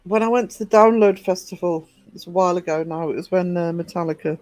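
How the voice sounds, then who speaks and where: A man's voice: high voice, quick pace, darkish tone, no echo, rough recording. A British man hosting a YouTube livestream, chatting casually in a rambling, digressive way. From United Kingdom. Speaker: YouTube channel host.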